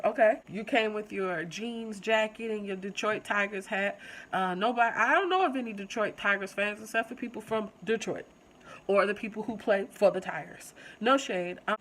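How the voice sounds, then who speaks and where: A young adult woman hosting her own channel, casually reviewing a TV episode and talking straight to her viewers in an animated, chatty way. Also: mid-range voice, moderate pace, low-quality recording.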